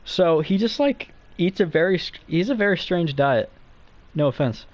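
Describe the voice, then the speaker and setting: A man's voice: on the high side, animated, moderate pace. A young man streaming, telling stories in a rambling, profane way full of fillers. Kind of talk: casual live-stream chat. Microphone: streaming mic.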